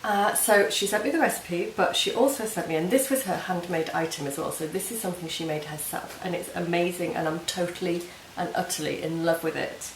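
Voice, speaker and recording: A woman talks in a relaxed, gushing way, full of ums and little restarts. Her voice sits slightly low. The camera mic picks up a roomy home room with faint hiss underneath. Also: fairly quick, few pauses. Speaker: knitting podcast host. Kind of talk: casual video podcast chat.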